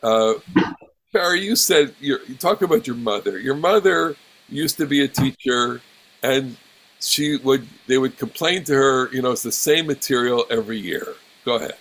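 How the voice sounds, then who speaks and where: A man's voice: medium pitch, rough recording. A man, a rabbi hosting a casual discussion, speaking with feeling and frequent restarts. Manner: warm, emotional, halting restarts. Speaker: rabbi, podcast host. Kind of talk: casual chat.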